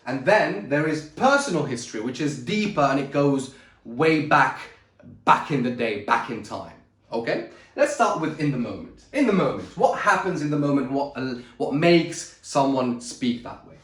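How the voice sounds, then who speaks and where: A man's voice: mid-range voice, big pitch swings, normal speed, a bit bright, reverberant. A man teaching public speaking in a video lesson at a board. He speaks emphatically, trips over words now and then, and keeps checking in with "okay?" and "all right?". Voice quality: says he is a bit dyslexic and trips over words. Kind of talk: talking-head video lesson at a whiteboard.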